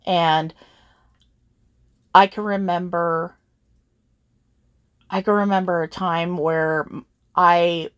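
A woman's voice: fairly low pitch, creaky, no echo, clean studio sound. A young adult woman hosting her channel, talking to her viewers in a heartfelt, earnest way, emotional and holding back tears. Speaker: channel host. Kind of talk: heartfelt personal talk to viewers.

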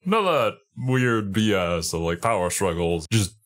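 A man's voice: lowish voice, sing-song, normal speed, a bit bright. A man streaming a reaction video, chatting casually and laughing often in an easygoing way.

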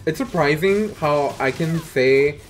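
A man's voice: a little high, faint music behind. A man from Mexico with a Mexican accent, chatting casually and teasingly with viewers while streaming a game. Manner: playful, teasing banter with viewers, quick laughs, swearing. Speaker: live streamer. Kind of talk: casual gaming live-stream chat.

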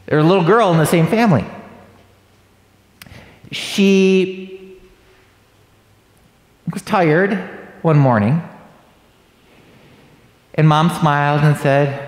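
A fairly high-voiced man preaching from the pulpit and telling homey stories. His voice rings through a large church with a long, echoing reverb. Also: takes it slowly, pauses often. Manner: acts out family dialogue in anecdotes. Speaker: pastor. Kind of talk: sermon with storytelling. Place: church sanctuary.

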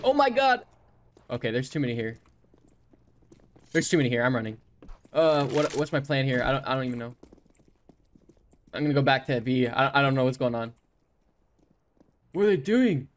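A man narrates his own gameplay with jumpy, excitable energy. His pitch leaps wildly from calm mutters to startled yelps and curses. Loud game gunfire rattles under his voice the whole time. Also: brisk, pauses often, a little hiss or hum. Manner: excitable, yelps and swears at surprises. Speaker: gaming streamer. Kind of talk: live gameplay commentary.

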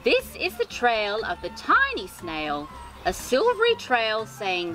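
A woman reading a children's storybook aloud as host, expressive and sing-song, with chatty asides of sympathy. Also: fairly high pitch, slow, rough recording. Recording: reading over background music. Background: music.

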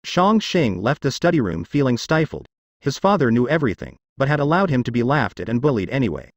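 Man narrating with lively pitch. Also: a little fast, no room sound, highs cut off. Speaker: audiobook narrator. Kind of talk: scripted narration.

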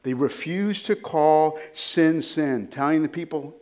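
A man's voice: on the high side, slow pace, few pauses, darkish tone. A man, a pastor, preaching a sermon with emphasis, often checking in with the congregation with "right?" and "amen?".

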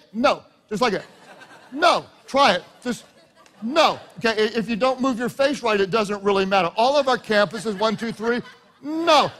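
High-voiced man preaching a sermon. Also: a bit bright. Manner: emphatic, humorous preaching with audience call-and-response. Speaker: pastor.

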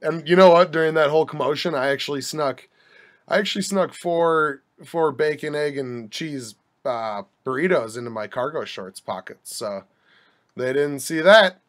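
Young guy podcast host, kinda high voice, rambling story w/ jokey asides. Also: moderate pace. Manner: rambling anecdote with restarts and asides; wry, joking delivery. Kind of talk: casual storytelling monologue.

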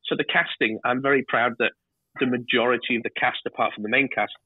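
A man, a TV director, telling lively stories in a casual interview and swearing freely. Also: medium pitch, quick pace, husky, no echo. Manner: animated storyteller, swears freely. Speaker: TV director, guest. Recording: tinny phone-like line.

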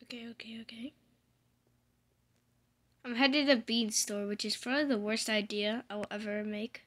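A young woman giving casual, rambling commentary while playing a video game, playful with loud excited outbursts. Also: medium pitch, a little fast. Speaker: gamer. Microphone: desk microphone.

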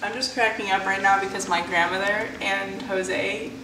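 A woman's voice: mid-range voice, fairly even intonation, moderate pace, far from the mic. Teasing woman in an echoey noisy room. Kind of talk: casual vlog chat. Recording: echoey room with loud noise.

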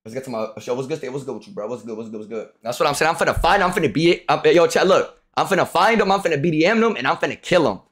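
A young man streaming a game, ranting in a profane, casual way that swings from loud outbursts to low muttering. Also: lively intonation, very fast, few pauses. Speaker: livestreamer. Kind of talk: casual gameplay commentary.

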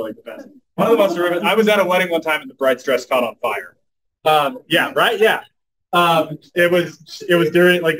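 Man, young adult, lively storytelling talk, full of fillers. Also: fairly high pitch, rough recording. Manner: animated, says "like" and "um" a lot. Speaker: guest speaker at a club meeting.

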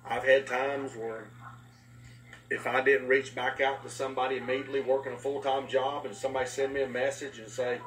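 A man preaching a sermon as a pastor, telling a story with voiced quotes in an animated way. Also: mid-range voice, brisk. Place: live-streamed talk. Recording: echoey room from far off, faint noise.

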